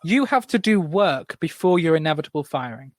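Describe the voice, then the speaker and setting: A man's voice: on the high side, lively intonation, fairly quick, no room sound, clean studio sound. A man co-hosting a podcast, heckling and teasing playfully through an improvised sketch. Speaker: podcast co-host. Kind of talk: improvised comedy sketch and casual chat.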